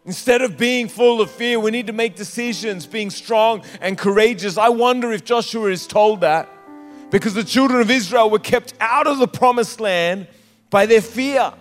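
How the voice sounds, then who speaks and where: High-voiced preaching man in echoing hall. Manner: impassioned preaching with sung, drawn-out phrases. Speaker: pastor. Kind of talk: sermon. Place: church hall. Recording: live church hall with reverb and soft instrumental music. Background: soft instrumental music.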